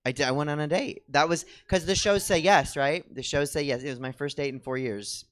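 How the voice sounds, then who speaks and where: A man's voice: on the high side, fairly quick, fairly bright tone. A man co-hosting a comedy show, rambling in a chatty, self-mocking way as he talks with a theater audience. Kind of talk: rambling stand-up style chat with the audience.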